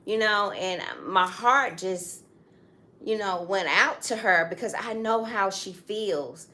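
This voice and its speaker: Slow and sharp-toned, a middle-aged woman with a mid-range voice co-hosts a casual talk show. She relates a story with emphasis and turns to the audience for direct asides.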